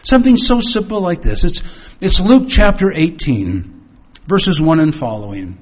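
A man preaching and teaching with storytelling. He swings his pitch and volume for dramatic effect. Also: expressive, unhurried. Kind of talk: sermon-style teaching.

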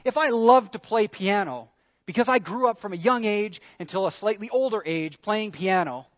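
A man's voice: high-pitched, normal speed, lo-fi sound. A man preaching a sermon in an earnest, conversational way, leaning into his questions. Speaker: pastor.

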